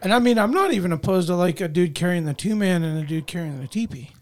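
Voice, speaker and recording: Chatty man with a higher-pitched voice. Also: animated, quick pace. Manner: chatty, eager, jumps in to finish others' thoughts. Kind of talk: casual chat.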